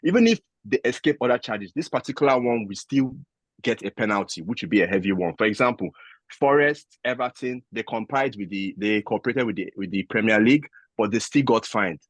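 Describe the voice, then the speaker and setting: A man's voice: on the low side, expressive, fairly quick, dry recording. A man defending his club in a football debate, hesitant with many fillers. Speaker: guest pundit.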